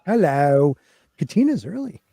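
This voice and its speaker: Guy hosting a podcast, kinda high voice, chatty and rambly, dry close mic. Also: big pitch swings, unhurried, creaky, dark tone, slightly rough, no echo. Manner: upbeat, rambling, laughs easily. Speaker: podcast host. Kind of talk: casual chat.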